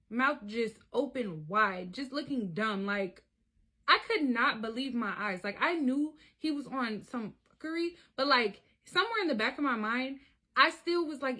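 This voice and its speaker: A woman's voice: on the high side, fairly bright tone. A woman telling a personal story in a casual, profane way, often talking to viewers as y'all. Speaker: storyteller vlogger.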